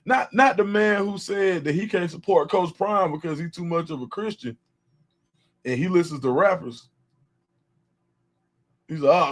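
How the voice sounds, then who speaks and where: A man's voice: high voice, a little slow, pauses often. A young man hosting a live stream, chatting casually in slang and reacting to viewers' comments. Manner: animated, slangy, reads chat comments aloud.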